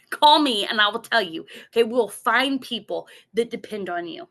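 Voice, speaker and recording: A woman's voice: on the high side, animated, measured pace, a bit bright. A woman giving a motivational talk from her notes, earnest, repeating words as she goes and acting out her own inner voice.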